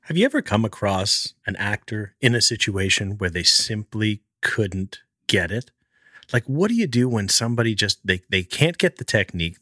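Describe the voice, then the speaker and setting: A man's voice: fairly low pitch, pushed and bright, no room sound, clean studio sound. A man interviewing a guest with curious, probing questions. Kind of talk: conversational interview.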